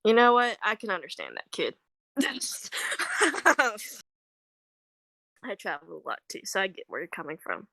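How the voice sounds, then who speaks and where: A woman's voice: mid-range voice, wildly swooping pitch, unhurried, vocal fry, long pauses, bright, forceful tone, dry recording. A woman playing a tabletop game, chatting casually and playfully. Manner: laughing, playful. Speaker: player.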